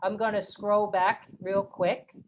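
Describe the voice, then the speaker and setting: A woman running a workshop for teachers, explaining ideas slowly and carefully and chanting example phrases to show their rhythm. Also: medium pitch, little pitch movement, slight background noise, rough recording. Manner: slow, deliberate, demonstrates rhythm by chanting. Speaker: teacher trainer.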